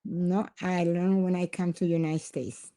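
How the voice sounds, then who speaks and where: A woman's voice: lowish voice, little pitch movement, unhurried, warm tone. An older woman from Mexico with a Mexican accent and Spanish as her first language, telling stories in simple English on a casual podcast and laughing often. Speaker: guest.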